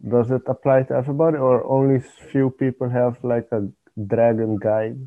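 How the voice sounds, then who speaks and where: A man asking halting, hesitant questions in a casual chat. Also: mid-range voice, level tone, no room sound, phone-quality sound.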